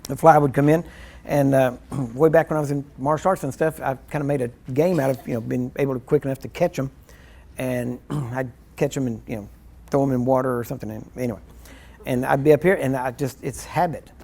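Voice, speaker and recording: Casting: male minister, average pitch, informal teaching sermon, digressive and folksy, acts out little exchanges. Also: steady tone, fairly quick, vocal fry, darkish tone. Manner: rambling and conversational, acts out little scenes with chuckles.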